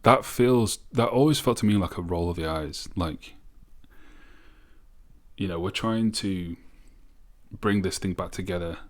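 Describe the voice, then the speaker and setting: A man's voice: low-pitched, measured pace, pauses often. A man hosting a music review, casually reading song lyrics aloud and reflecting on their meaning. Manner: reflective, reads lyrics aloud and picks them apart.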